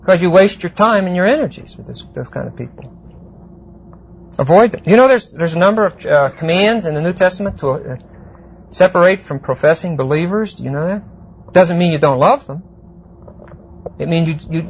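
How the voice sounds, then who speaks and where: A man teaching a verse-by-verse Bible class, explaining Greek words deliberately and often asking the class "see?". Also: a little high, lively intonation, creaky. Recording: muffled lo-fi classroom tape with faint hiss.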